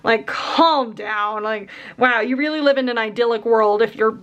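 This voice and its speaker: A young woman with a high, bright voice chatting casually on her vlog. She talks animatedly with lots of filler words and slips into exasperated rants, her pitch jumping up when she gets worked up. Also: moderate pace, dull audio. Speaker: book vlogger. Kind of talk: casual chat.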